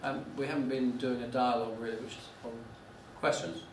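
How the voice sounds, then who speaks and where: A man's voice: mid-range voice, fairly even intonation, fast talker, a little hiss or hum. A man lecturing a class, telling a business story with many restarts and fillers. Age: 40s. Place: lecture room. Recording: echoey room, mic from a distance.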